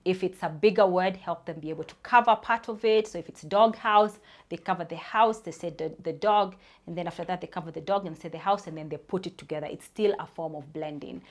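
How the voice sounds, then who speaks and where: Low-voiced woman giving parenting tips. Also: animated, a little fast. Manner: explanatory, many fillers and restarts. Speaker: speech therapist. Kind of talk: informal parent tips video.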